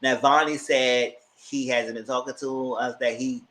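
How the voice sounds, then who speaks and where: A man giving a casual recap, switching to high-pitched exclamations when he acts out reactions. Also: level tone, measured pace, fairly bright tone, poor audio. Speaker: YouTube reviewer.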